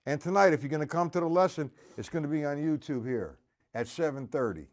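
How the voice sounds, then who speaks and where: A man teaching drums on a live stream, counting the beats out loud and making gruff, cussing asides to his viewers. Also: fairly high pitch, lively intonation, fast talker. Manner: counts beats aloud loudly, gruff asides and mild swearing. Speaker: drum teacher. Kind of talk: live-streamed drum lesson.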